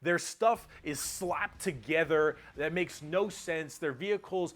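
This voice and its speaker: Man with a somewhat high voice, irreverent comedic explainer narration, casual cursing. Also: slow, a bit bright. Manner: irreverent, swears, mock-dumb phrasing. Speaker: video essay narrator.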